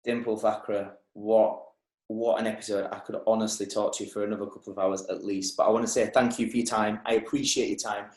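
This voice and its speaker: A man's voice: fairly low pitch, level tone, a little fast, darkish tone, reverberant. A man hosting a podcast interview, affirming his guest and summing up her points. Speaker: podcast host. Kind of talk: interview chat.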